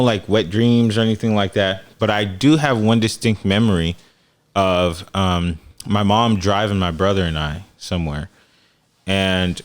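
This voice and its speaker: A man's voice: on the low side, clear, resonant tone. A young man co-hosting a podcast, telling stories in casual chat and acting out the quotes. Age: young adult. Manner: animated storyteller, acts out quotes. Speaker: podcast co-host.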